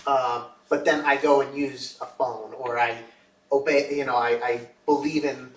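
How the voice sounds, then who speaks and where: A man's voice: mid-range voice, steady tone, a little slow. A man leading a family study at home, explaining ideas thoughtfully. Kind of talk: casual family discussion. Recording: roomy echo, mic far off.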